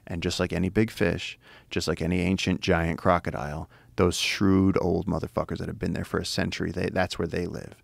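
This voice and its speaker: A man in casual conversation, telling an animated, profane adventure story with excitement. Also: deep voice, brisk, gravelly, dry recording, studio quality. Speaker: guest, wildlife explorer.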